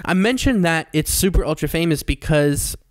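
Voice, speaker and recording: A man co-hosting a comedy podcast in casual chat, animated and quick to jump into high comic voices. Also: dry recording, studio quality. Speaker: podcast co-host.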